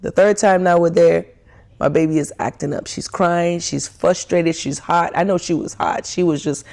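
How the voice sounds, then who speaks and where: A woman's voice: fairly low pitch, normal speed, creaky. A young woman telling a frustrated story in a casual rant, often laughing and acting out what people said. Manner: animated, laughs often, acts out quoted dialogue. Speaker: vlogger.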